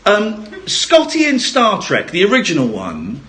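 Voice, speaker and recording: A man's voice: high voice, huge pitch swings, unhurried, a bit bright. A man hosting a live comedy podcast, rambling, laughing and swearing through his banter. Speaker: podcast host. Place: live venue stage. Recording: live show with background noise.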